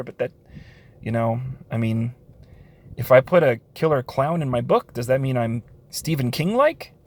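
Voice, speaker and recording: A man giving a casual spoken review of a comic book, sarcastic, with frequent sighs, short laughs and fillers. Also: mid-range voice.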